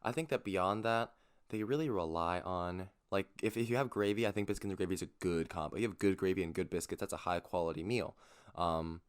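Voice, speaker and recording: A young man with a very deep, low voice co-hosts a casual podcast. He lays out his opinions earnestly and step by step, often restarting mid-sentence. The tone is friendly and conversational. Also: a little fast, clear, resonant tone. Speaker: podcast co-host. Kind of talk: casual chat.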